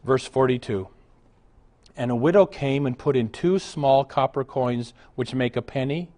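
A man's voice: mid-range voice, a little slow. A man, a pastor, preaching a sermon full of anecdotes, mixing humor with exhortation. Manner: animated storytelling, mixes humor with exhortation.

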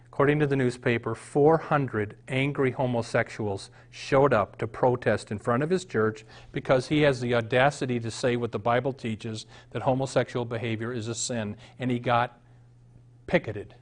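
A man's voice: mid-range voice, steady tone, moderate pace. A middle-aged man from the American Midwest, a pastor preaching a sermon, moving from a read-aloud passage to emphatic, rising points.

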